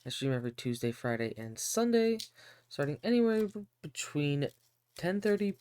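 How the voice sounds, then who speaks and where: A man's voice: fairly high pitch, very animated, a little slow, long pauses, warm tone, a little hiss or hum. A young man chatting casually as a game streamer, laid-back and chatty with the odd swear word.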